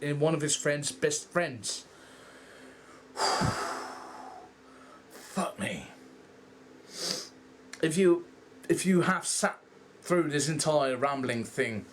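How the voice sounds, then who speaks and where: A young man with a Dutch accent rambles through a film review, his voice sitting a little high for a man. He gets animated and swears freely as he goes. A faint hiss of noise sits under the recording. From Netherlands. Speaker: vlogger. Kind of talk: casual movie review rant.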